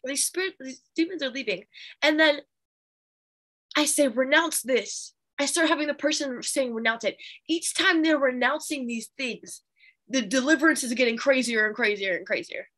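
A young woman teaching a Bible study, telling a testimony in an animated, chatty way with fillers. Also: high voice, normal speed.

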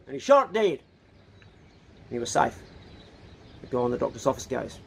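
A man's voice: mid-range voice, big pitch swings, a little fast, creaky, pauses often, a bit bright, a little hiss or hum. A middle-aged man with a New Zealand accent, telling jokes and chatting casually in an outdoor vlog as he works on a house truck. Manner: folksy storyteller, drops into put-on voices for joke characters. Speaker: vlogger.

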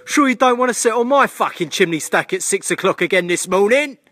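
A man in a comic rant, swearing constantly and swinging between shouting and muttering. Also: high-pitched, lively intonation, brisk, dry recording, studio quality.

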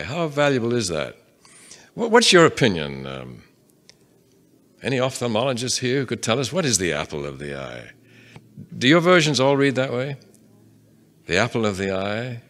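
Before a live audience, a Bible teacher leads an interactive class in a bright voice whose pitch rises and falls a lot. He reads scripture aloud and asks the room questions in a relaxed, conversational manner.

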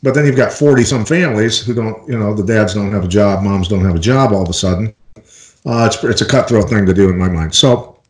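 A middle-aged man from Iowa, a former fighter and interview guest, telling his story in a relaxed, rambling way with many fillers and restarts. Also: fairly low pitch, fairly quick, reverberant, rough recording. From Iowa, United States.

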